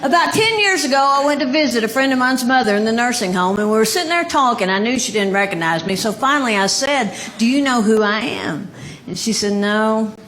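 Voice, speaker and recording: A woman's voice: fairly high pitch, lively intonation, fast talker, few pauses, a bit bright, a little hiss or hum. A woman telling a dry, self-deprecating comic story. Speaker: comedian.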